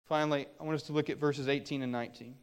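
A man's voice: a little high, steady tone, rapid-fire, smooth. A middle-aged man preaching a sermon as a pastor, earnest and exhorting, pressing harder on his warnings.

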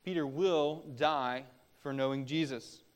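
A man's voice: medium pitch, unhurried, clear, resonant tone. A middle-aged man preaching a sermon as a pastor, earnest and exhorting, pressing harder on his warnings.

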